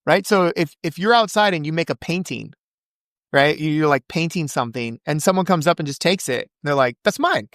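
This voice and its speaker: A man speaking as a podcast guest in casual conversation, fervent and quick to recite scripture from memory. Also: fairly bright tone, no echo, clean studio sound. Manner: acts out quoted voices with big pitch jumps.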